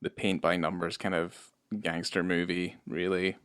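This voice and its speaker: A man with a fairly low voice talking casually as a podcast co-host. He hesitates and restarts his sentences often, then drops a dry joke. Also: flat delivery, measured pace, a bit bright, smooth. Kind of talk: casual chat.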